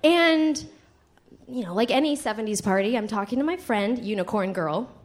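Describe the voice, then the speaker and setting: A young adult woman telling a comedic story to a live audience, animated and giggly, acting out her friends' voices. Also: fairly high pitch, normal speed.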